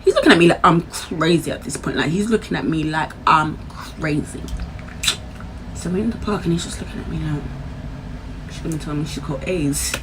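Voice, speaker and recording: A 21-year-old woman telling a story time vlog in an animated, chatty way, laughing between lines. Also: deep voice, a little fast, background noise. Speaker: vlogger.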